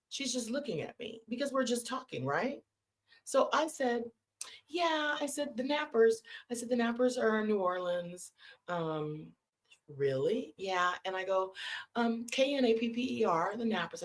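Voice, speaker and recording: A woman from California hosting a late-night live stream, telling a story in a conversational way and calling her listeners "y'all". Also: medium pitch. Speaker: host.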